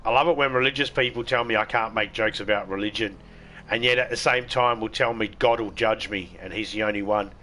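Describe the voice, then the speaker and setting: Brief: Australian male streamer, lowish voice, loose joking banter full of swearing. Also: fairly quick, sharp tone. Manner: joking, irreverent, swears freely. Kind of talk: casual gameplay chat.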